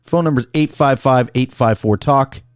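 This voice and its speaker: A man's voice: mid-range voice, moderate pace, clear, resonant tone, dry recording, studio quality, faint music behind. A man hosting a casual call-in livestream, rambling through a list and greeting viewers by name. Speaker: call-in show host.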